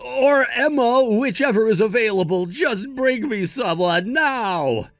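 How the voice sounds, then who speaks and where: A man's voice: very high-pitched, lively intonation, a little slow, no room sound, full character voice. A man voicing a selfish, sneering brother. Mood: demanding. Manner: blunt, sneering, then pleading. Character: selfish grown brother, demanding and rude. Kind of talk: text-story narration. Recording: dry close mic with faint music.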